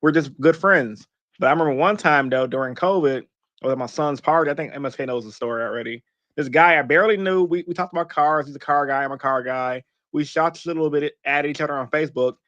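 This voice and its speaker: A man's voice: fairly high pitch, fast talker, fairly bright tone, dry recording, lo-fi sound. A middle-aged man on a podcast, telling a story with lots of swearing and laughter. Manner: profane storyteller, laughs often. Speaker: podcast guest. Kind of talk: casual podcast chat.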